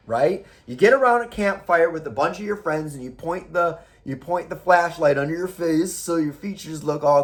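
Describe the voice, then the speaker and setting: A man reviewing horror movies in a casual, argumentative monologue, full of rhetorical questions and the odd curse. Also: fairly high pitch. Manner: animated, rhetorical questions, profane.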